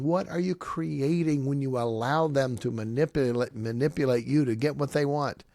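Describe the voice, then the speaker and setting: A middle-aged man with a gravelly edge to his mid-pitched voice, preaching family advice in short, punchy, repeated phrases. He talks into a dry, close mic with no room sound. His delivery is emphatic and lively. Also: no echo. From grew up on a farm. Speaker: podcast host giving family advice. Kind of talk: preaching-style advice talk.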